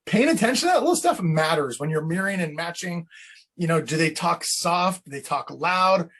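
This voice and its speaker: A man's voice: a little high, expressive, moderate pace, a bit bright. A man coaching real estate agents on sales scripts in a casual teaching chat, acting out client lines as he goes.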